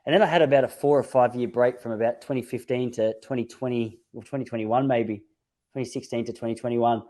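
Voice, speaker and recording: A man's voice: mid-range voice, steady tone, fast, darkish tone. A man hosting a casual podcast conversation, telling stories in a reflective way with frequent restarts. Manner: reflective, storytelling with many restarts. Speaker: podcast host.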